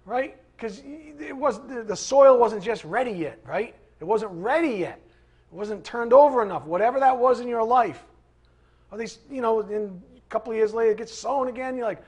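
A man preaching a sermon in a conversational, animated way, with asides to the congregation. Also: very high-pitched, normal speed, slightly rough. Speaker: pastor.

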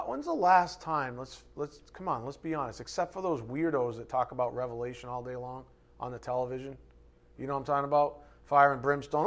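A man preaching a sermon, asking his congregation rhetorical questions and swinging between loud emphatic bursts and quiet asides. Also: mid-range voice. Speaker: pastor.

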